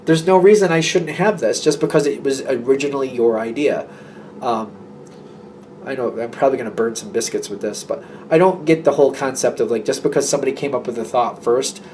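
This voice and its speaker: A man's voice: mid-range voice, darkish tone, slight background noise. A man giving a casual, rambling tarot reading who acts out imagined conversations as he goes. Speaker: tarot reader.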